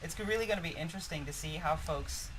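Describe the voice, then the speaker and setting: A man's voice: fairly high pitch, fast talker, noisy background. A man co-hosting a live game stream, casually explaining game rules while he plays. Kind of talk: live gameplay commentary.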